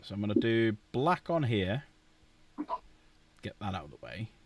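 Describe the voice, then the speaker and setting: A man's voice: lowish voice, sing-song, moderate pace, creaky, slight background noise. A joking, swearing man. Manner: joking, swearing, chatting with viewers. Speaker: host painting miniatures on a live stream. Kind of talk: casual chat while painting.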